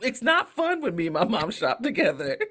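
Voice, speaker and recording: Animated, profane woman telling stories. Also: mid-range voice, fairly quick, slightly rough. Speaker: podcast co-host. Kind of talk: casual chat.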